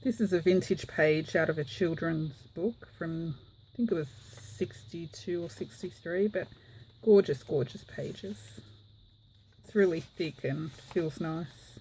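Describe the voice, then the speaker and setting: A woman chats and giggles through a casual show-and-tell of a handmade journal, filling her speech with fillers. Her fairly low voice has a darkish tone and a breathy edge, moving at a measured pace, and the recording is rough.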